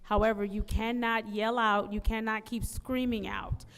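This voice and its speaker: A woman's voice: a little high, little pitch movement, moderate pace, fairly bright tone, smooth, in a large hall. A woman chairing a council meeting, firm and procedural as she keeps order. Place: council chamber.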